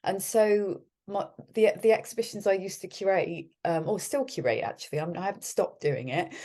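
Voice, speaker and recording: A woman's voice: medium pitch, expressive, normal speed, warm tone. A woman guest in an interview, speaking in a friendly way with frequent laughs and many restarts. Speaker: guest, art curator.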